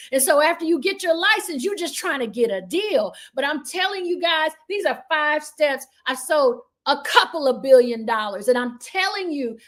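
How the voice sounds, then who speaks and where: A woman real estate trainer giving an online motivational training session, fervent and preacher-like, talking to her audience as y'all. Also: high voice.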